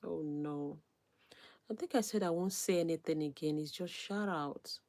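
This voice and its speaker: A woman hosting her own livestream, reading viewer comments and giving shout-outs in a soft, unhurried way that sometimes drops almost to a whisper. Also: low voice. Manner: reads viewer names, gives shout-outs.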